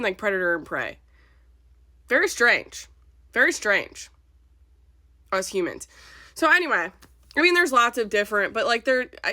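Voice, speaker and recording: A woman's voice: medium pitch, pushed and bright, no echo, studio quality. A woman in her thirties talking casually about her spiritual channeling, rambling with many filler words and swearing freely.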